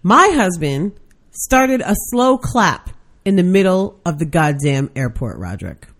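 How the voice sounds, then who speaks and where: A woman's voice: on the low side, very animated, a little slow. A woman co-hosting a podcast, teasing and blunt, telling a story with plenty of swearing. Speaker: podcast co-host. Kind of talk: casual storytelling chat.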